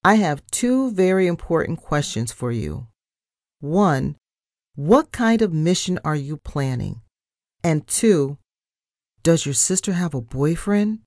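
A woman voicing a crisp, formal and gallant male rat ship captain in a storybook reading. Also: deep voice, big pitch swings, takes it slowly, a little mellow, no room sound, studio quality, full character voice. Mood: stern.

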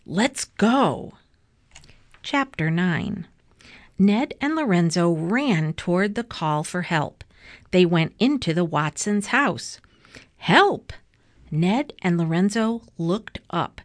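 A woman's voice: lowish voice, dry recording. A woman expressively reading a children's chapter book aloud. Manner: expressive, unhurried. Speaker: storybook reader.

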